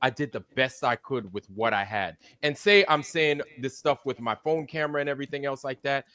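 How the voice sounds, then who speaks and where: A man's voice: medium pitch, brisk, bright, forceful tone, clear, resonant tone, dry recording. A man in casual online chat, heated and swearing constantly as he vents. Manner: heated, profane, ranting.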